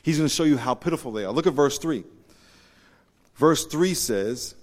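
Male pastor, sermon, storytelling with acted quotes, loud emphatic peaks, long hall reverb. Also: expressive, normal speed, long pauses. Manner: swings from low confiding asides to loud emphatic preaching.

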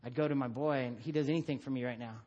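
A man's voice: very fast, highs cut off. A middle-aged man preaching a sermon, telling stories about his son and acting out voices. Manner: animated storytelling, acts out his son in a high voice. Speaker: pastor.

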